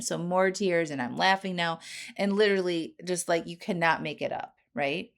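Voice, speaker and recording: A woman in her forties hosting a podcast, telling a personal story in an earnest, animated way with frequent asides to the listener. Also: fairly low pitch, normal speed, creaky. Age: 40s. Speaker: podcast host.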